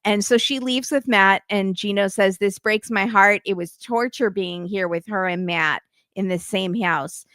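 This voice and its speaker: A woman in a mid-range voice recaps a reality TV episode with animated storytelling, slipping into quoted lines as she goes. The sound is dry and close-miked. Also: medium pitch, measured pace, few pauses, no echo. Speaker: podcast guest.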